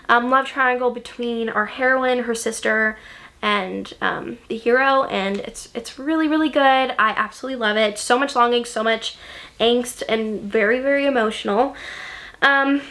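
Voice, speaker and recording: A woman's voice: a little high, a bit bright. A young woman chatting casually about books she loves, gushing, with lots of ums and likes. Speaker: book vlogger. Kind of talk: casual chat.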